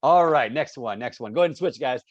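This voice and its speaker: A man's voice: medium pitch, expressive, fast, no room sound, highs cut off. Man pleading dramatically while leading improv. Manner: pleading, playing an overdramatic advice-seeker. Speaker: improv instructor. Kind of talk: hosting an improv game.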